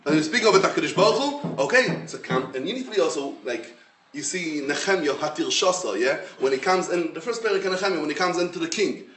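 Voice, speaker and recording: A man, a rabbi giving a Torah lecture in English, his language being Hebrew, with an emphatic, animated storytelling manner. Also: a little high, fast, a little hiss or hum. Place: lecture room. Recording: roomy echo, mic at a distance.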